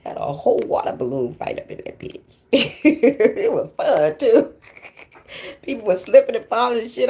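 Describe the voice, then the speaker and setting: A woman's voice: sits high, very animated, slow pace, dark tone, a little hiss or hum. A woman who hosts a tarot channel, talking to viewers in a blunt, profane casual monologue and laughing often. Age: adult with grown children. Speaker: tarot reader and channel host.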